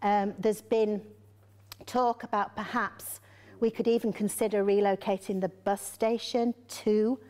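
A woman's voice: medium pitch, level tone, measured pace, warm tone. A woman giving an informal presentation to local businesses, chatty, with many ums and restarts.

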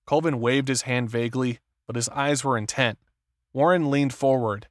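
Male narrator, measured thriller reading, medium pitch, dead-dry recording. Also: dry recording. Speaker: audiobook narrator. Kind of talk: scripted narration.

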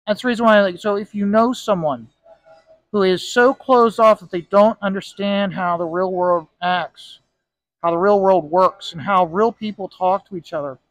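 A man's voice: high voice, no echo. A man ranting in a casual vlog recorded in a bar, stressing his points with "okay?" again and again. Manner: ranting, emphatic, repeats "okay?". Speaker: comic book inker and video host.

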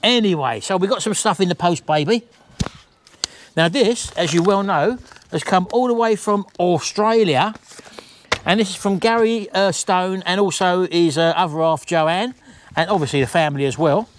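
A man's voice: high-pitched, normal speed, a little hiss or hum. A middle-aged man, chatting casually to camera at home, jokey and rambling. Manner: chatty, rambling, jokey, calls wife baby. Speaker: vlogger host.

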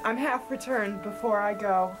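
A young woman reading an old poem aloud in an earnest, measured way. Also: medium pitch. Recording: echoey room with music behind.

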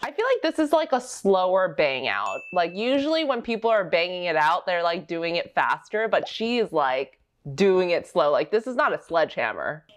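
Chatty pointe shoe fitter woman reacting casually, lowish voice, very lively. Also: normal speed, slight background noise. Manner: chatty and amused, many fillers of "like".

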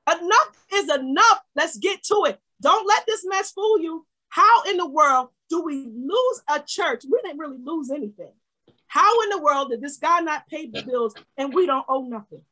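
Woman pastor, high-pitched, preaching hard with shouted peaks and hushed asides. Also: animated, moderate pace, rough recording. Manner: fervent preaching, swings from shouting to quiet asides. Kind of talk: sermon.

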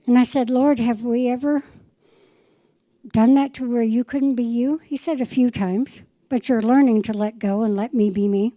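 A woman's voice: on the high side, steady tone, normal speed, mellow, no echo, low-quality recording. A middle-aged woman pastor preaching a fervent sermon, acting out conversations with the Lord. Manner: fervent, quotes the Lord in dialogue.

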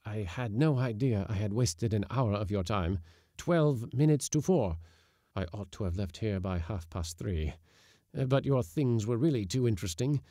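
A man's voice: on the low side, expressive, moderate pace, dark tone, no echo, studio quality, lightly acted. A man voicing a pale, scornful anarchist visitor in a Victorian tale. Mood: hurried.

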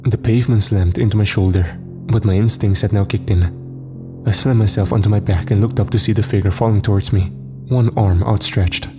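Low-voiced man narrating horror. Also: steady tone, normal speed. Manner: tense, suspenseful storytelling. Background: faint music.

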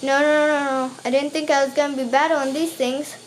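Slight background noise accompanies a woman with a high voice speaking fairly quickly in a level tone. She hosts a gaming channel, giving let's play commentary in which she frequently panics and talks back to enemies, repeating words in bursts.

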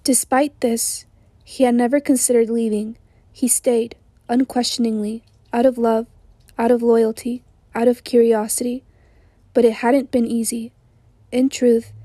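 A hoarse woman narrating an audiobook in a measured, even literary reading. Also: fairly high pitch, dry recording.

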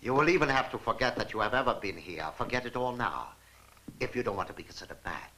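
A commanding old professor in a dubbed period film, formal and cold. He has a bright, firm voice at a middle pitch and gives clipped orders. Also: animated, fast, slight background noise, poor audio. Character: stern older male professor, cold and commanding. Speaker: professor and father.

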